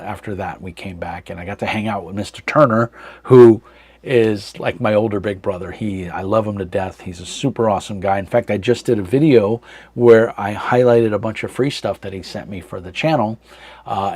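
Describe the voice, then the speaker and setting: A man in his thirties hosting a casual live chat from a dark room at home, rambling with many fillers and reading chat comments aloud. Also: fairly low pitch, vocal fry, husky. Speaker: livestream host.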